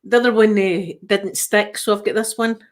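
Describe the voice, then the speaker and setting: A middle-aged woman with a Scottish accent, chatting casually with her viewers. Her voice sits at an ordinary, mid-range pitch. She likes to tell stories and does the voices of the people in them. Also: steady tone, moderate pace. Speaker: channel host. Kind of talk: casual live chat.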